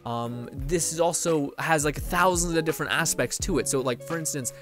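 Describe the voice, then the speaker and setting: Over faint background music, a male streamer talks to his viewers in a fairly high voice at a moderate pace. His casual monologue rambles, turns sweary as he gets heated, and often mimics other people's lines.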